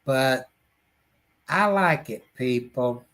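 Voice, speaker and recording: A man's voice: mid-range voice, animated, extremely slow, fairly bright tone. A man hosting a casual livestream chat, folksy and drawn out, chuckling now and then. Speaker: livestream host.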